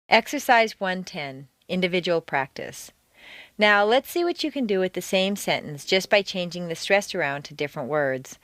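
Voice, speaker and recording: A woman teaching pronunciation on a scripted audio course, speaking deliberately and exaggerating the stressed words. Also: lowish voice, animated, a bit bright, no room sound.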